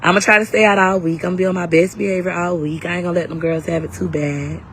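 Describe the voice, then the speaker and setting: A woman's voice: lowish voice, steady tone, fast talker, slight background noise, rough recording. A woman selling her class live on her phone outdoors, brash and hyped, talking in slang while a little under the weather. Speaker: live-stream seller and coach. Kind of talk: casual livestream sales talk.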